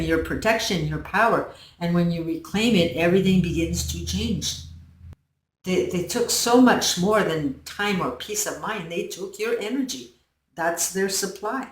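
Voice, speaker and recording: A woman's voice: fairly low pitch, recorded from a distance. Earnest woman speaking from across an echoey room. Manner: slow, earnest, storytelling with soft dips in volume. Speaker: channel host. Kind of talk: reflective self-help monologue. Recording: roomy echo, voice set back from the mic.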